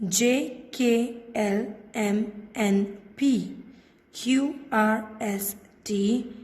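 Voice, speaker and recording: A woman's voice: fairly high pitch, a little mellow. Indian-accented woman teaching in an echoey room. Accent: Indian English. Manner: patient, repeats points slowly. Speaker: French teacher. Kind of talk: classroom lesson. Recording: echoey room with long reverb.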